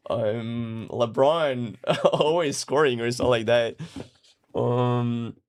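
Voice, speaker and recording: A relaxed male mix engineer chats casually while answering viewer questions, swearing freely and dropping into lively storytelling. His voice sits at an ordinary middle pitch. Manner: laid-back, profane, animated storytelling. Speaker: music producer and mix engineer. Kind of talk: casual livestream Q&A.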